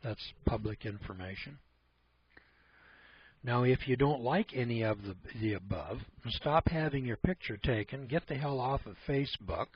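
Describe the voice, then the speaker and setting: A man's voice: mid-range voice, expressive, moderate pace, lo-fi sound, a little hiss or hum. A man hosting a radio talk show, speaking in a blunt, folksy, rambling way. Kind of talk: casual radio commentary.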